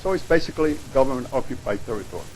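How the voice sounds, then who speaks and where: A man's voice: mid-range voice, lively intonation, racing, slight background noise, low-quality recording. A man giving aggrieved, insistent testimony at a public hearing. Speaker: public commenter. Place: hearing room.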